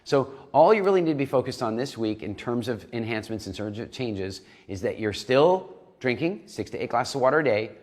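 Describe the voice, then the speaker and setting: An animated man coaching a nutrition program in a recorded lesson. His voice sits in an ordinary middle pitch for a man. He acts out small inner dialogues as he explains. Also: a little fast.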